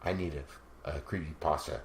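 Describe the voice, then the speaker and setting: A man's voice: very deep voice, steady tone, a little fast, creaky. A man co-hosting a podcast in casual chat, telling crude jokes and laughing often. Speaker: podcast co-host.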